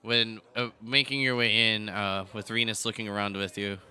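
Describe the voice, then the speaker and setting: A man's voice: lowish voice, flat delivery, normal speed, pushed and bright, smooth. A man narrating a tabletop game as game master, in loose, rambling descriptions full of fillers.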